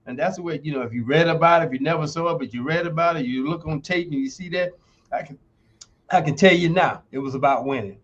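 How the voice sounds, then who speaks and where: Fairly high, a bit bright and quick, the voice belongs to an emphatic guest in his sixties, a former football player and university lecturer. He tells stories in a podcast interview with a motivational, folksy manner, though the audio is dull.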